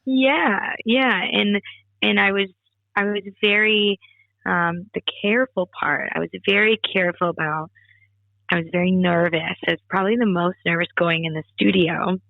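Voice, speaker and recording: A woman from Wisconsin, a singer-songwriter guest, telling stories in an animated, chatty way with many fillers. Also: medium pitch, moderate pace, vocal fry, dry recording. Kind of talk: casual interview chat. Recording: tinny phone-like dry call audio.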